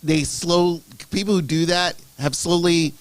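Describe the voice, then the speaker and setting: A man in a casual podcast chat, talking in halting restarts with an exasperated tone. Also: on the high side, steady tone, no room sound. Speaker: podcast co-host.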